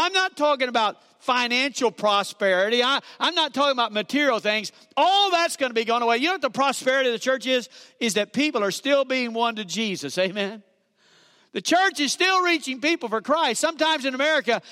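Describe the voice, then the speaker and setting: A man preaching a sermon, calling for amens and dropping from loud to hushed. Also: extremely high pitch, clear, resonant tone. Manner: preaching with call-and-response, dramatic swings from loud to hushed. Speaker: pastor. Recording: long reverb of a church hall.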